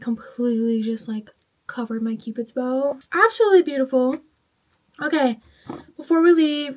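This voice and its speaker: A woman's voice: sits high, noisy background. A tipsy woman vlogger reading online stories aloud while doing her makeup, chatty and swearing freely as she reacts to each story.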